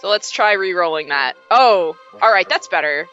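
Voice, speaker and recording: A woman's voice: fairly low pitch, animated, normal speed, fairly bright tone, highs cut off, soft background music. A woman playing a tabletop role-playing game, talking in a playful, giggly way. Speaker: player. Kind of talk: tabletop role-play chat.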